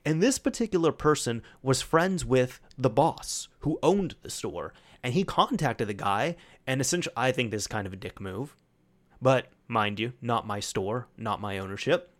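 Young male podcast host, casual rambling storyteller, mid-pitched. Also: expressive, normal speed. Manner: chatty, rambling with fillers and acted-out quotes.

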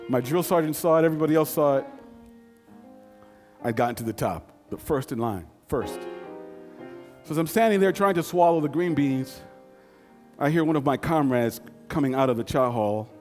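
A man in his fifties telling a personal story in a folksy, conversational way with dramatic pauses. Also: on the high side, darkish tone, big-room sound, faint music behind.

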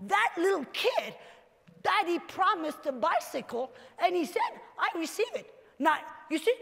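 A woman preaches an animated sermon in a very high voice and often rises to shouting. Her voice rings out with a long reverb in a church hall. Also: gravelly.

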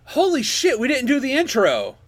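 A man co-hosting a podcast in casual chat, excitable and swearing freely. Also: very high voice, normal speed. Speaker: podcast co-host.

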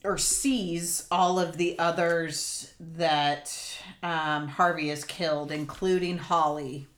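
Woman podcast host, low voice, unhurried, musing delivery, casual film discussion. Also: steady tone. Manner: slow, thoughtful, with many fillers.

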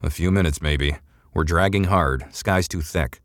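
A narrator voicing a focused male starship pilot in an audio serial, clipped and urgent. His very deep voice sounds dry and close. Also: unhurried, dry recording. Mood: tense.

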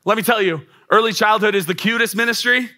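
A man's voice: high voice, fast talker, bright, forceful tone. A man in his thirties preaching a sermon as a pastor, emphatic and repetitive, with rising exclamations. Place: church auditorium.

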